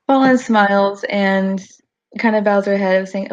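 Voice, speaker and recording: A woman's voice: mid-range voice, fairly even intonation, a little slow, muffled recording. A woman player casually describing her character's actions in a tabletop game.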